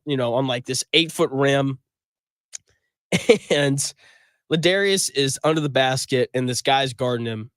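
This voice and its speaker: Opinionated sports radio host, fairly high voice. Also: male voice, a bit bright, dry recording, studio quality. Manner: conversational storyteller, emphatic and opinionated. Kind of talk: sports talk radio monologue. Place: radio studio.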